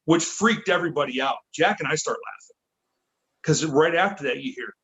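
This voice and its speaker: A man from Michigan, a podcast guest, telling a story in a casual, lively way, correcting himself as he goes. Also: a little high, moderate pace, rough recording. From Michigan, USA. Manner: lively, self-correcting, acts out quotes.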